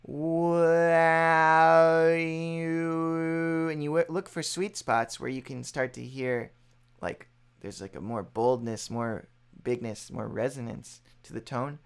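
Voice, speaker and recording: Slow, gravelly man teaching voice. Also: mid-range voice. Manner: relaxed, explanatory, thinks aloud with fillers. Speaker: musician teaching voice practice. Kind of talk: casual music lesson.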